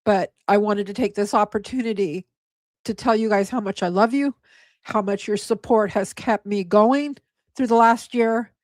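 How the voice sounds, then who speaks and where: Woman, livestream host, hoarse, tired, emotional, mid pitch, dry sound. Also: moderate pace, darkish tone, dry recording. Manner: emotional, gushing, stumbles over names. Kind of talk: casual livestream chat thanking donors.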